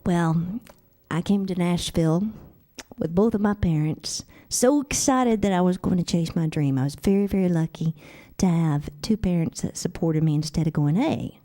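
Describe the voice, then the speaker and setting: A woman's voice: on the low side, normal speed, dark tone. A woman singer-songwriter chatting with the crowd between songs, joking and self-deprecating. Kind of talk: stage banter between songs. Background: guitar music.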